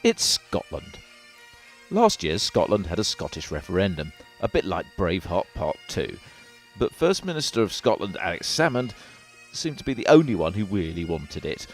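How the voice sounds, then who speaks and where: A man narrating a mock documentary in a deadpan, jokey way. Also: low voice, moderate pace, soft background music. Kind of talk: scripted narration.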